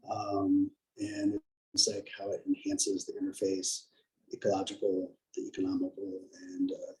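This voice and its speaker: A man's voice: low-pitched, mellow, rough recording. A man giving a conference presentation, hesitant and full of fillers. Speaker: conference speaker. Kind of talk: presentation talk.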